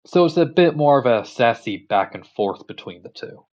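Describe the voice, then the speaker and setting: A man casually retelling a story in a relaxed, rambling way with lots of fillers. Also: mid-range voice, normal speed, dull audio. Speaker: commentator.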